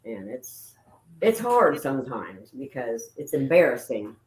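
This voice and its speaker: A woman's voice: rumbling low, big pitch swings, unhurried, a little mellow, echoey room, low-quality recording. A woman, a paranormal investigator telling emotional, rambling stories in casual chat.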